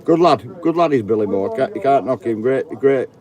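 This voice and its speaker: A man's voice: medium pitch, animated, moderate pace. Man, thirties, jokey and foul-mouthed, casual outdoor chat, crowd noise behind. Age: 30s. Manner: chatty, swears a lot, jokey banter. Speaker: vlogger. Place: outdoors in the rain by a pub. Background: crowd chatter.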